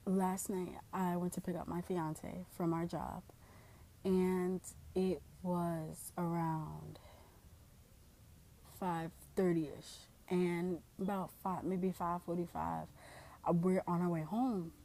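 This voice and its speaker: A woman's voice: on the low side, creaky, dark tone, a little hiss or hum. A young woman telling a personal story to camera in a rambling way, full of "like" and "you know". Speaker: vlogger.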